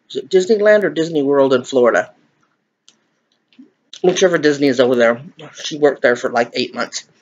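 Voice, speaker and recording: Middle aged guy doing a mukbang, rambly and chatty, kinda high voice, dull lo-fi audio. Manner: rambling, chatty, laughs often, addresses viewers as y'all. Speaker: vlogger. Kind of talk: mukbang chat, eating on camera.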